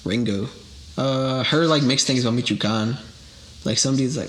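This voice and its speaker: A man's voice: medium pitch, moderate pace, a bit bright, a little hiss or hum. A young man co-hosting a casual podcast chat, joking at his own expense and swearing freely. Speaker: podcast co-host.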